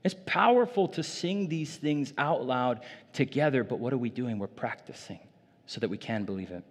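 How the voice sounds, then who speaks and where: A man delivers a sermon in a relaxed, conversational voice, sprinkling in casual fillers as he talks. His voice rings out with a long hall reverb, as in a church sanctuary. His pitch sits in a middling range. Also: moderate pace. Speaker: pastor.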